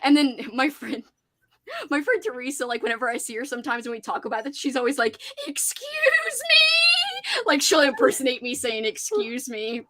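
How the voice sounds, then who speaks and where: A woman hosting a casual livestream chat, telling an animated story with "like" in nearly every sentence. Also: on the high side, fast. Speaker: host.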